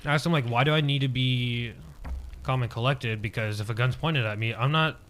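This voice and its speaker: A man's voice: mid-range voice, fairly quick, fairly bright tone. A man in his twenties, a podcast guest, telling a personal story casually and hesitantly, with many filler words.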